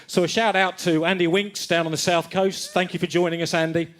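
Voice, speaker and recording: A man's voice: sits high, little pitch movement, fairly quick, a bit bright. A man hosting a live-streamed church music evening, talking in a loose, jokey way with plenty of fillers. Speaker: band member and host of the live stream. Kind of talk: casual live-stream chat.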